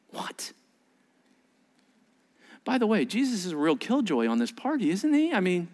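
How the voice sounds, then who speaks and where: Animated high-voiced male pastor preaching. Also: normal speed, long pauses. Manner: animated, acts out quoted voices with sudden rises; conversational, asks the congregation questions. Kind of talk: sermon.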